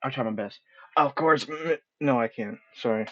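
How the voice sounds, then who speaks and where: A man's voice: mid-range voice, moderate pace, muffled recording. A man streaming a game from a room at home, rambling and self-deprecating, swearing casually as he chats. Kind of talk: casual live-stream commentary.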